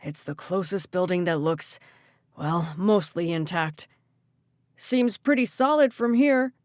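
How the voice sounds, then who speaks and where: A woman narrator voicing a calm, protective young man who speaks in a steady, reassuring way. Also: medium pitch, normal speed, dry recording, close to an everyday voice. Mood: steady, urgent.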